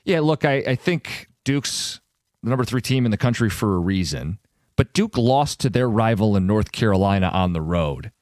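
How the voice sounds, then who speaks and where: Low-ish guy hosting sports radio, sure of his takes, dry studio sound. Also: expressive, moderate pace, darkish tone, no room sound. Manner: confident, opinionated.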